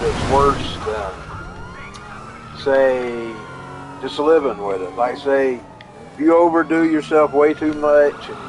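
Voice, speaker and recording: The recording is rough, with a bit of hiss or hum, capturing a man with a mid-range voice. During a live stream he meanders through a lengthy story from his own life, folksy in tone, frequently restarting and saying things over again.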